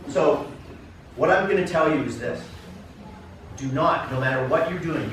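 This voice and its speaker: A man's voice: medium pitch, a bit bright, slight background noise. Distant man lecturing in an echoey room. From Canada. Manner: storytelling, acts out dialogue, addresses audience directly. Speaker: keynote speaker, soccer coach. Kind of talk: conference talk with anecdotes. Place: conference classroom.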